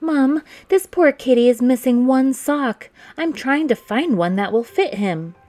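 A woman's voice: high-pitched, animated, measured pace, mellow, voice pushed up. A woman reading a storybook aloud and voicing a sweet, caring little girl in a raised, pleading voice.

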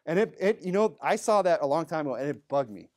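A man's voice: on the high side, animated, fast talker, darkish tone. A man preaching in a church in a loose, conversational way, with good-humored asides. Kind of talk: conversational sermon.

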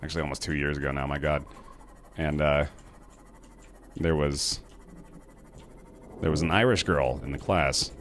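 A man's voice: rumbling low, a little hiss or hum. A man streaming a video game live, chatting casually and rambling between remarks on the game. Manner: chatty, rambling, jumps to loud yelps when startled.

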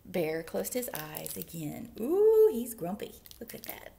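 A children's librarian at storytime, reading a picture book aloud in a playful, very animated voice. She speaks slowly, and her voice has a light gravelly edge. She stops for asides to the little ones. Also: on the low side.

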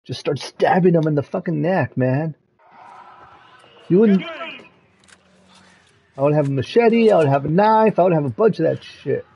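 A man streaming a video game, swearing, yelling and pleading at the screen in frustration. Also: on the high side, moderate pace, gravelly, long pauses, a little hiss or hum. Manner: profane, yells and pleads at the game. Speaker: gamer streamer. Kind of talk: live gameplay commentary.

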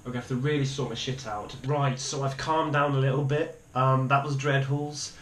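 A man's voice: medium pitch, steady tone, moderate pace, fairly bright tone, slight background noise. A young man panicking and swearing while commentating a horror game, yelping and repeating himself in fear. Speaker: gaming YouTuber. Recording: echoey room with faint ambience.

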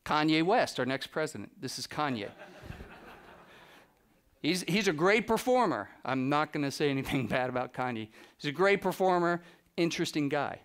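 A man giving a live, animated storytelling talk to an audience as a photographer, acting out the people he quotes by dropping his voice. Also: on the high side, moderate pace. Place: presentation room with a live audience.

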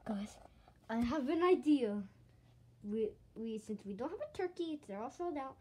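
Woman, high bouncy voice, runs a toy skit and swaps character voices. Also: a little slow, a little hiss or hum. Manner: excitable, switches voices between characters. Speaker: toy skit narrator and voice performer. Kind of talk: playful toy role-play skit.

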